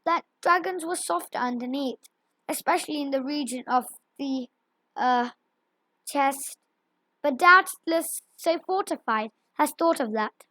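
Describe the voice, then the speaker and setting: Small nervous male hobbit, read by a woman, timid and flattering, high, dry and close. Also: unhurried, no echo.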